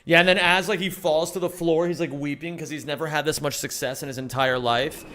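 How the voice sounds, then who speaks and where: Streaming with faint music behind him, a young man rambles through profane jokes, answers his chat, and slips into put-on voices. His voice is a little high and bright, pushed forward at a fairly quick, steady pace.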